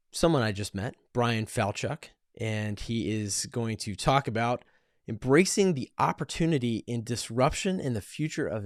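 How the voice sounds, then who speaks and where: A man's voice: medium pitch, dry recording, clean studio sound. Upbeat host man. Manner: upbeat, enthusiastic, friendly. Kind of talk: podcast host introduction and chat.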